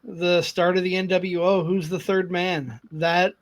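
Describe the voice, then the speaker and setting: A man's voice: sits high, flat delivery, measured pace. A man co-hosting a podcast in casual chat, inviting the others and the listeners to join in. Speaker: co-host.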